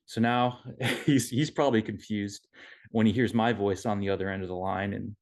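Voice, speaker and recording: A man with a fairly low voice shares a personal story at an online memorial, talking over a video call from home. He speaks in a casual, halting way, full of fillers and restarts. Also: steady tone. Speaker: memorial speaker, son-in-law.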